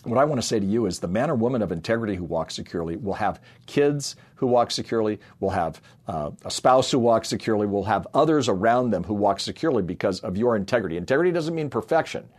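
Middle-aged male ministry speaker, low voice, earnest family-story sermon. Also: expressive, fast, few pauses, darkish tone. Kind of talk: sermon-style talk with personal stories.

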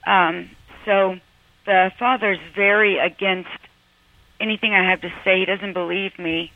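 A woman's voice: mid-range voice, fairly even intonation, unhurried, no room sound. Woman caller on a tinny phone line. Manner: hesitant, many ums, emotional. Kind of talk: phone-in call to advice show.

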